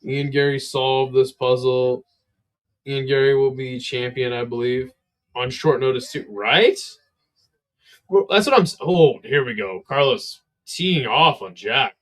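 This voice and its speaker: A man's voice: mid-range voice, unhurried. A sleepy man calls a fight on a live stream in a casual, laid-back way and swears freely. His voice sits in a middling range and sounds worn out. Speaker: livestream fight commentator. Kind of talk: casual live play-by-play commentary.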